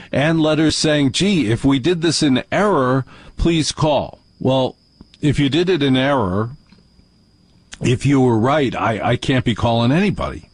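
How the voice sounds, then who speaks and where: A radio talk show host runs a call-in program, ranting with indignant sarcasm through his monologue and calls. His voice sits at a medium pitch, and the recording is dry.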